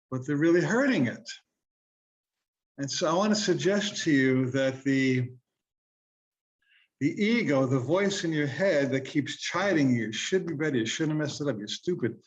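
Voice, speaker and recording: A man's voice: a little high, lo-fi sound. Earnest man giving a motivational talk. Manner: earnest, conversational, rhetorical questions. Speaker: self-help speaker.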